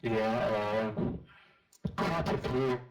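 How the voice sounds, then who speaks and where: A man's voice: lowish voice, drawn-out words, echoey room, poor audio. A man guesting on a chat radio show over an online call, answering hesitantly with many fillers. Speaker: guest campaigner.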